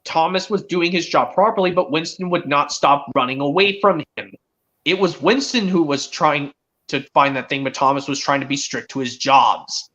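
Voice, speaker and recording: A man's voice: on the high side, normal speed, fairly bright tone, lo-fi sound. A teenage boy streaming, chatting eagerly in a rambling way with many restarts. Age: teens. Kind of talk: casual chat.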